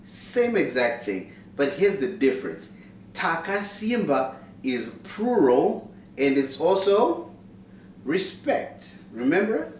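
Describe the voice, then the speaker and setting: A man's voice: fairly high pitch, big pitch swings, slow pace, recorded from a distance. An upbeat man from Zimbabwe teaches a casual language lesson, repeating each word over and over to drill it. His voice sits away from the mic in a roomy, echoing space. A faint background hum runs under him.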